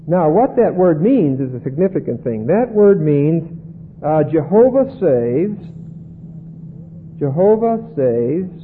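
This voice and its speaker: A man teaching a Bible passage verse by verse, deliberate and often checking in with "Okay?". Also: a little high. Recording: tinny phone-like band with faint hum.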